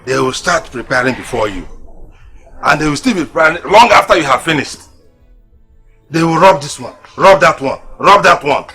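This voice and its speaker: An actor with a Nigerian accent playing a boastful, coaxing husband of two wives, shouting for one and wheedling the other. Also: male voice, lowish voice, unhurried, faint music behind. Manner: animated, calls out loudly, then wheedles softly.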